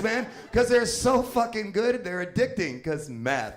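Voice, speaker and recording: Man, fifties, stand-up comedian, high voice, crude, rambling, swearing. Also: very animated, moderate pace, few pauses. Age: 50s. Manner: crude, rambling, swears constantly, laughs at own jokes. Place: small comedy venue with live audience.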